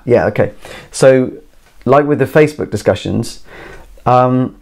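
A man's voice: medium pitch, darkish tone. A man, hosting a solo podcast from a garden shed, rambling with many fillers and restarts. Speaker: podcast host. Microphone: camera mic.

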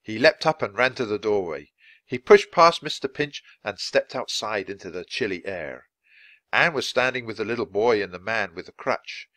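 Expressive man reading a storybook aloud. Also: fairly low pitch, moderate pace, no echo. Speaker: storybook reader. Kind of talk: read-aloud narration for English learners.

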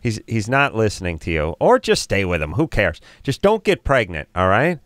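A man's voice: fairly low pitch, huge pitch swings, moderate pace, fairly bright tone, dry recording. A man co-hosting a call-in advice radio show, blunt and wisecracking, cutting in over others. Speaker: radio co-host.

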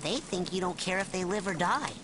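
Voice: mid-range voice, a little fast, background noise, lightly acted. An actor voicing an eager young boy recruiter who speaks earnestly and persuasively.

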